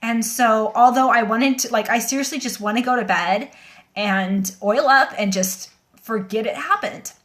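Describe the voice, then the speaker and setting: A woman's voice: on the high side, moderate pace, a bit bright. Earnest, rambling woman on a phone livestream. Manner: earnest, rambling, with many fillers and restarts. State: shaken and emotional. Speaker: livestream host. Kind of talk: casual livestream talk to viewers.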